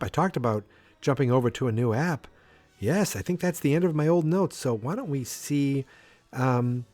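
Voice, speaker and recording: A man's voice: mid-range voice, darkish tone, dry recording. A man hosting a solo podcast, rambling and interrupting himself as he acts out scenes. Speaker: podcast host.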